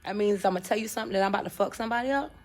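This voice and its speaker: A young woman hosting a casual live chat, animated and laughing, acting out quotes in shifting voices. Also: medium pitch, very fast, soft background music. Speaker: host.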